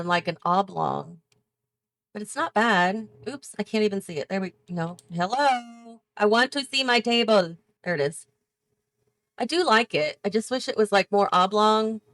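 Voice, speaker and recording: A woman's voice: medium pitch, a bit bright, no echo. A woman hosting a gaming channel, chatting and thinking aloud as she builds, often correcting herself. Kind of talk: casual build commentary while playing.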